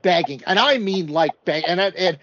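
A man's voice: high-pitched, moderate pace, highs cut off, background noise. A man co-hosting a podcast, recapping a TV episode in casual chat and acting out what people said. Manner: animated storytelling, acts out quotes. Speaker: podcast co-host.

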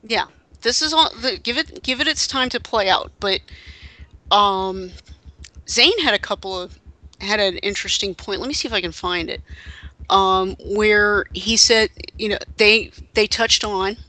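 A man co-hosting a podcast in a loose, casual chat. His voice is bright and clear, and he keeps searching aloud with small restarts and fillers. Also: high voice, measured pace, no room sound, low-quality recording. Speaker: podcast co-host.

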